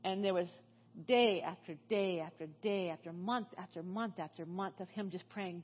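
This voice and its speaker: A woman's voice: on the low side, normal speed, husky, dull audio. Chatty middle-aged woman preaching in church. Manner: chatty, with many restarts and fillers. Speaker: guest speaker. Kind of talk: storytelling sermon.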